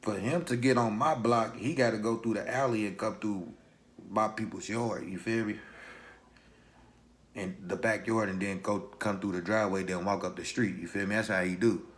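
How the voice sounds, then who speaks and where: Lowish-voiced man telling a street story. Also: normal speed. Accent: Louisville, Kentucky. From Louisville, Kentucky. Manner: street slang, animated retelling with acted quotes. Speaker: vlogger. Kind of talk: casual storytelling.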